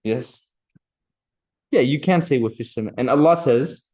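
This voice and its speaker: A man with a slightly high voice lectures a seminary class on grammar. He switches between English and recited Arabic phrases and calls on students by name. His delivery stays lively and hands-on. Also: brisk, long pauses.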